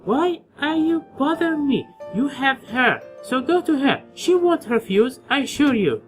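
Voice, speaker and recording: A moody, explosive young girl with a strained, high falsetto, put on by a man reading a visual novel aloud. The voice jumps into sharp, lively bursts. Faint game music plays underneath. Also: a little slow, heavily acted. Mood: angry.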